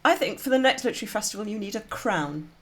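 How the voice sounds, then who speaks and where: Woman co-host, animated pitch, playful teasing. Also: fast talker, slightly rough. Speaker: podcast co-host. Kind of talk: casual interview chat.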